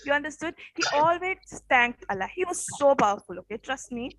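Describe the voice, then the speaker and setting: With a rough morning voice that is high and a bit bright, a woman teacher animatedly tells her class a story at a fairly quick pace. Her delivery is casual, full of "okay" and pauses to quiz the students. The recording is rough and has no room sound.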